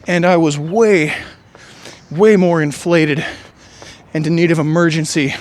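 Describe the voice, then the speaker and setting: A man's voice: a little high, fairly even intonation. A man on a run outdoors, musing and joking in a rambling, winded monologue with sighs. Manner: musing, jokey, drawn-out sighs. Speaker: vlogger. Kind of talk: rambling running vlog monologue. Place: outdoor trail in the rain. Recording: faint outdoor rain hiss.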